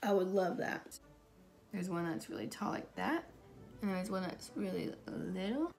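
A woman's voice: fairly low pitch, animated, a little slow, gravelly. A woman makeup YouTuber chatting casually and rambling in self-deprecating asides while she draws. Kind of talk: casual vlog chat while drawing. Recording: background music.

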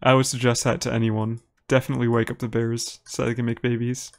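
A fast-talking Minnesota man with an Upper Midwest American accent streams a game live and banters casually with his audience. His middle-pitched delivery is easygoing and chatty, punctuated by light laughs as he reads and answers chat messages. He keeps it relaxed and calls viewers by name.

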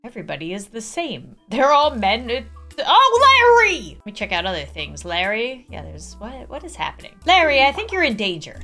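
A young woman hosts a gaming video with a bright, sharp voice that swoops all over its range. She hams it up, swinging from loud squeals to low, creepy murmurs as she plays a clingy old friend. Faint game music sits behind her. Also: wildly swooping pitch, normal speed. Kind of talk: let's-play commentary.

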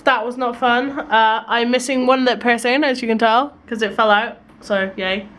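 A woman's voice: fairly high pitch, steady tone, moderate pace, fairly bright tone. A young woman from England chatting casually to camera in a travel vlog, giggly and swearing freely, filmed on a handheld camera. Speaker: vlogger. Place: train stations and a hotel room.

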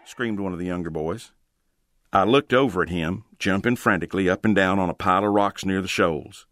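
A man's voice: low-pitched, no room sound, clean studio sound. A man narrating a first-person ghost story in a dramatic storytelling manner. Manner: dramatic, drawn-out storytelling with sudden shouted quotes.

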